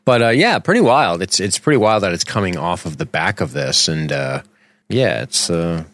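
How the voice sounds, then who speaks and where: A man's voice: sits low, expressive, normal speed, a bit bright. A man co-hosting a film podcast in loose, rambling, profane casual chat. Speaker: podcast co-host.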